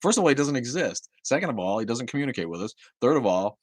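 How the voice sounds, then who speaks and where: A man's voice: medium pitch, sing-song, fast, dry recording, clean studio sound. A man hosting a casual livestream, reading out viewer comments and answering them with sarcastic, profane rants full of restarts.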